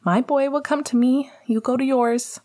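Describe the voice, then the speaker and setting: A woman's voice: high voice, steady tone, moderate pace, mellow, pitched above the performer's own voice, close to an everyday voice. A woman voicing a young woman in labor, tearful and strained, pleading breathlessly. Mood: strained tender.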